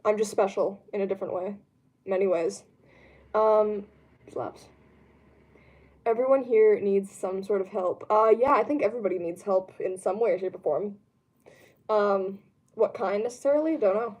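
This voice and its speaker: A woman's voice: mid-range voice, moderate pace, darkish tone. Chatty young woman streaming from home. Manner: rambling, lots of ums, laughs easily. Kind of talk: casual chat answering live chat. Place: home room.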